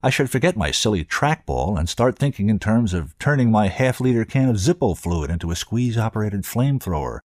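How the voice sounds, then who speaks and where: A man hosting a show and reading fiction aloud in an expressive storytelling manner. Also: lowish voice, brisk, hardly any pauses, dry recording, clean studio sound. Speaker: host and reader. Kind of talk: scripted fiction narration.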